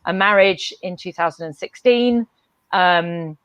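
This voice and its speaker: A woman's voice: lowish voice, a little slow, fairly bright tone, clean tone, dry recording. A woman guest speaking casually and reflectively, with frequent "you know" fillers and restarts, on a video call. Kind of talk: casual conversation.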